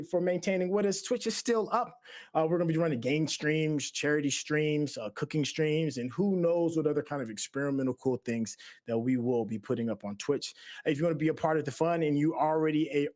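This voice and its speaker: A man hosting a podcast, wrapping up the show with slangy, energetic shout-outs. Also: fairly high pitch. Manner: hype, slangy, friendly. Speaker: podcast host.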